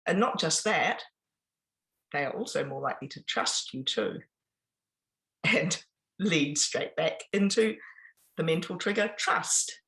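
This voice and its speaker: Bright-voiced woman presenting. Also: lowish voice, expressive, unhurried, long pauses, poor audio. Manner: conversational, with frequent ums and restarts. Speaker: business workshop presenter. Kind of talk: informal presentation.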